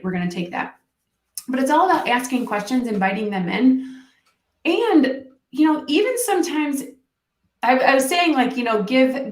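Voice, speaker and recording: A woman talking as a coach and interview guest, telling stories in a lively way and acting out quoted dialogue. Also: medium pitch, reverberant, distant mic. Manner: animated storytelling, quick restarts, acts out quoted dialogue. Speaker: mental performance coach, guest. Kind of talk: casual interview conversation.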